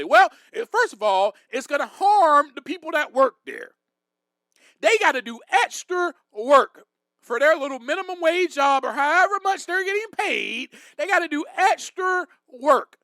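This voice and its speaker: A man with a high, bright voice delivers a recovery advice monologue to his listeners. He talks in a direct, emphatic, preaching way. The sound is dry and close, with no room echo. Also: lively intonation, measured pace. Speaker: podcast host.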